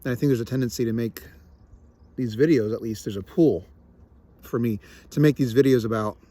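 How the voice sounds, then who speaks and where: A man's voice: mid-range voice, normal speed, dark tone. A young man reflecting candidly in a personal vlog, self-deprecating, often restarting and repeating himself. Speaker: vlogger.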